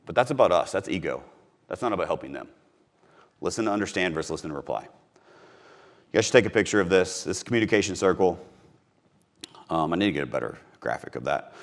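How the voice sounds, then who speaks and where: A middle-aged man from Missouri giving a punchy, emphatic motivational talk on sales, repeating his key phrases. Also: sits low. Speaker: podcast host teaching sales.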